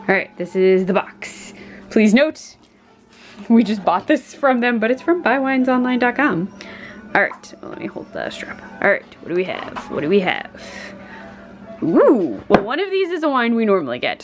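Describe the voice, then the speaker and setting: A woman chatting casually to camera in her home kitchen, talking through her week, excitable and prone to squealing when something delights her. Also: medium pitch. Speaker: vlogger.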